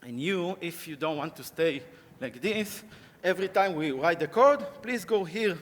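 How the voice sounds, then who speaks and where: Playful high-voiced man on a conference stage. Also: normal speed. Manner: playful, animated, coaxing the audience. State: sore throat. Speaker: conference speaker. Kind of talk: live on-stage tech talk directing volunteers. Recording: long hall reverb, faint crowd noise.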